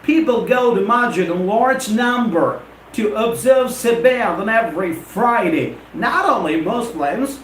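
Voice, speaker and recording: Teacher, high voice, echoey. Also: male voice, animated, unhurried, fairly bright tone, slight background noise. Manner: repetitive, drilling pronunciation, addresses viewers directly. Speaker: English teacher on a live stream. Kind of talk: live-stream English lesson, reading out viewer comments.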